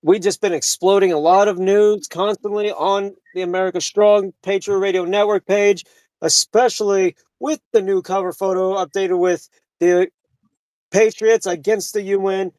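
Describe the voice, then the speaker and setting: A man's voice: high-pitched, steady tone, normal speed, darkish tone, clear, resonant tone, dry recording, rough recording. A man hosting a live talk radio show, delivering a heated, profane monologue full of restarts and asides.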